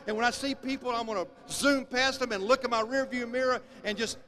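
A man's voice: very high voice, steady tone, a little fast, pushed and bright. A man voicing a young man with a new sports car, boastful and eager.

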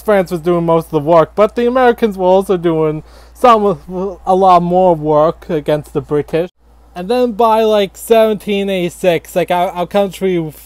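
A man voicing a grandfatherly animatronic fox who tells a satirical history lesson in a halting, filler-heavy ramble. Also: sits high, a little mellow, no echo. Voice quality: halting, filler-heavy, lots of likes and restarts. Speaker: storyteller grandfather. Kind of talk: casual satirical storytelling.

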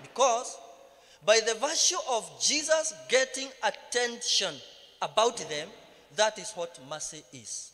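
Leading a Bible study in a church hall, a Kenyan-accented man blends Swahili with English and builds to emphatic cries in sermon-style teaching. His voice is high-set and animated, sharp in tone, at a measured pace, with the hall's reverberation audible.

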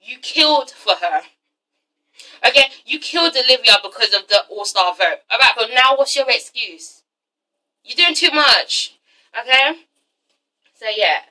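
High bright sassy woman reviewer. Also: expressive, measured pace, pauses often, low-quality recording. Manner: sassy, profane, tags lines with "okay?". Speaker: TV episode reviewer. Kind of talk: casual recap vlog.

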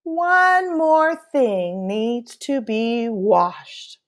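A woman reading a picture book aloud, voicing a kind grandmother who gently encourages a child. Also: a little high, lively intonation, extremely slow, voice pushed up. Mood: gentle. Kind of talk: storybook read-aloud.

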